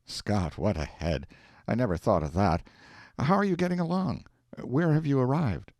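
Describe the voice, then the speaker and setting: A man reading aloud, voicing an excitable husband who talks in an eager, folksy, impatient way. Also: mid-range voice, normal speed, no room sound, clean studio sound, voice pushed up, natural voice. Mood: excited.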